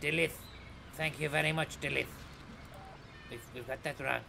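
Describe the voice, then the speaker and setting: An Irish man streams a bus-driving game, teasing his passengers and repeating catchphrases in comedic banter. His voice is a little high and gravelly, with a steady tone and moderate pace, over a noisy background.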